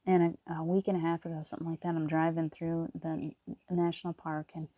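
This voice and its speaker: Woman, low flat voice, dry close sound, casual spiritual talk, tearful and encouraging. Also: a little fast, no room sound, muffled recording. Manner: rambling, with many restarts. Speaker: spiritual reader.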